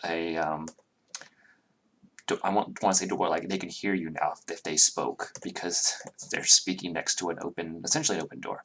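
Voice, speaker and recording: A man's voice: low-pitched, steady tone, moderate pace, noisy background. A man narrating as game master, rambling with many fillers and self-corrections.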